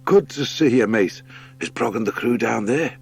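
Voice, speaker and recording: A man voicing an old male boxing hare who gives brisk orders in a storybook reading. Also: medium pitch, animated, gravelly, husky, soft background music, pitched above the performer's own voice.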